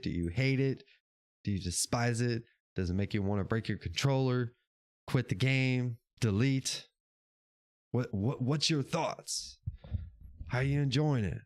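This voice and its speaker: A mid-range male voice, clean studio sound with no echo. He hosts a casual livestream, reading and chatting with his live chat in a laid-back, rambling style, swearing now and then and laughing often.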